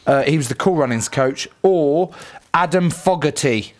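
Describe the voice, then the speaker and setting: A man's voice: on the high side, a little slow. A man in his thirties, a rugby player guest, bantering bluntly and jokily on a podcast with plenty of swearing.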